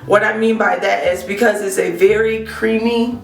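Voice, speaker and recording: Sick with a cold, a woman who vlogs about hair care chats through a casual product review, talking right to her viewers and saying um a lot. Her mid-range voice is steady, scratchy and fried, at moderate pace, far from the mic in a roomy space over faint guitar.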